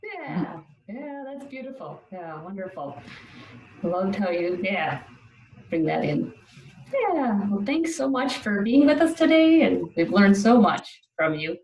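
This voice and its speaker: A woman's voice: medium pitch, sing-song, slow, darkish tone, a little hiss or hum, low-quality recording. A woman hosting an online summit interview, answering her guest with short, supportive affirmations. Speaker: summit host. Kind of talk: interview over video call.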